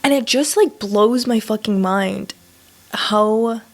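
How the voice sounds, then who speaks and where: A woman's voice: medium pitch, slow pace. A woman in her twenties from Southern California, talking candidly in a personal vlog with a casual, emphatic manner and plenty of swearing and fillers. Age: 20s. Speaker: vlogger.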